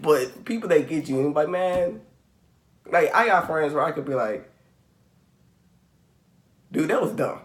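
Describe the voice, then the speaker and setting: A man's voice: a little high, animated, moderate pace, a little hiss or hum. A man in his thirties hosting a spiritual channel, talking casually to camera at home and saying "like" constantly. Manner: rambling, says "like" constantly, acts out quoted voices. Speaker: spiritual reading channel host.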